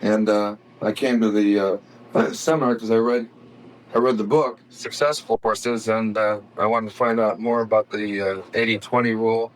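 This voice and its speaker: Low-voiced hesitant man. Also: fairly even intonation, normal speed, low-quality recording. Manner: hesitant, many fillers. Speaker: seminar attendee. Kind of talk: self-introduction.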